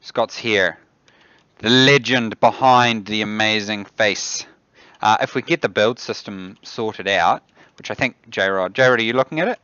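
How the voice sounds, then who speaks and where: This casual livestream features a New Zealand-accented man in his office demoing a game, thinking aloud and muttering while he builds. His fairly low voice is bright, forceful, clear and resonant, a little slow, with no echo but dull audio.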